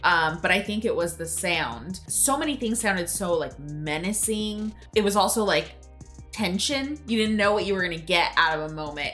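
A woman's voice: on the low side, fairly bright tone. A woman co-hosting a movie reaction, chatting casually, agreeable and thoughtful, backing her partner with short yeahs. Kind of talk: casual chat.

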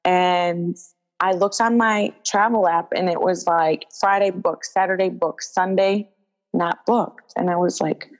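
A young adult woman, a wrestler as interview guest, telling a story in animated casual talk, acting out quoted dialogue with lots of "like" fillers. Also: on the low side, measured pace, poor audio.

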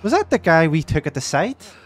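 A man's voice: a little high, big pitch swings, brisk, a little hiss or hum. A man chatting casually while playing a co-op game, joking, swearing and laughing, with game music behind him. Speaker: gamer. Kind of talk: casual co-op gameplay chat.

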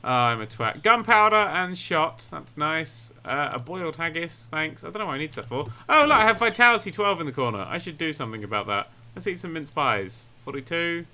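A young man commentating his own game, jumpy and quick to yelp and swear when startled. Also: a little high, animated, bright, forceful tone, slight background noise. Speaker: gaming YouTuber. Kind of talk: let's play commentary.

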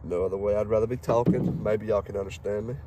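Cleaning a duck by his truck, a twenty-something Mississippi hunting guide talks fast in a lowish voice with fairly flat intonation. His thick Southern accent carries a casual, rambling, filler-heavy chat, recorded outdoors with faint noise behind him.

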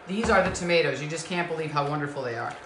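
A low-voiced woman talks fast while hosting a live-stream cooking show from her home kitchen, with background noise and an echoey sound. She's effusive, greeting viewers by name and calling them sweetheart and lovies.

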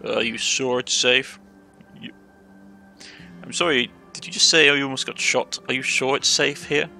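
A man's voice: mid-range voice, moderate pace, pushed and bright, faint music behind. A man with a Cornish accent voicing a nervous young newcomer who speaks hesitantly and warily. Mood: wary.

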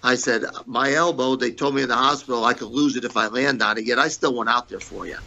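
A man's voice: mid-range voice, fairly even intonation, brisk, gravelly, few pauses, pushed and bright, highs cut off. A middle-aged man, a former pro wrestler, telling blunt, profane backstage stories in a shoot interview, acting out both sides of old arguments.

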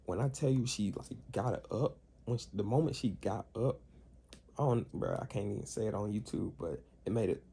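With a creaky, lowish voice that has a breathy edge, a young man vlogs to camera at a moderate pace. His story is animated and full of slang, and he performs the quotes of the people in it.

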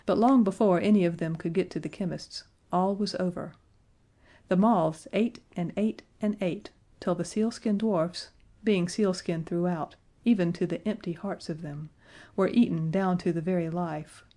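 Woman audiobook narrator, mellow and lowish, measured storybook reading. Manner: measured, gently expressive.

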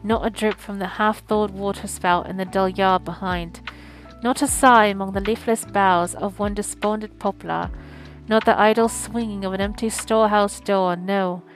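A woman narrating a classic story aloud, measured and expressive, at a mid pitch. Soft music plays faintly underneath her reading. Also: rough recording. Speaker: audiobook streamer. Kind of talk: scripted narration.

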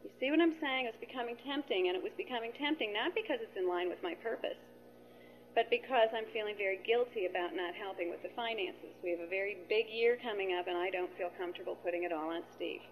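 A middle-aged woman pours out her story in an emotional rush, jumping from one aside to the next. Her voice sits at a middle pitch. The recording is dull and lo-fi. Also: quick pace. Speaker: participant sharing at a spiritual retreat. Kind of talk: personal sharing, retelling conversations.

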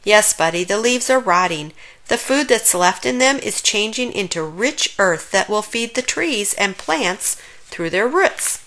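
Woman doing a storybook mother bear, soft, patient, explaining slowly, bright voice. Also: medium pitch, expressive.

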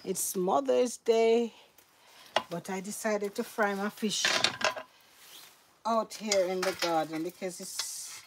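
A woman's voice: medium pitch, takes it slowly, long pauses, heavy background noise. A woman with a Jamaican accent, chatting casually while she fries fish in her backyard garden. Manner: chatty, laughing, Jamaican patois phrasing. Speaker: cooking vlogger. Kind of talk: casual cooking vlog chat. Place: backyard garden under a shelter in the rain.

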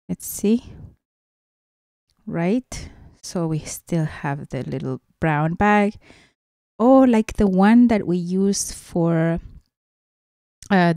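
A woman's voice: on the low side, dark tone, no echo, studio quality. A woman teacher reading a picture book aloud to children, coaxing them with little questions. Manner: questioning, coaxing, slips into asides.

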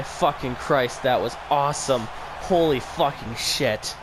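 A man playing a football video game, swearing a lot and reacting nervously and excitedly to every play. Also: mid-range voice, a little slow, noisy background. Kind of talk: casual gameplay commentary.

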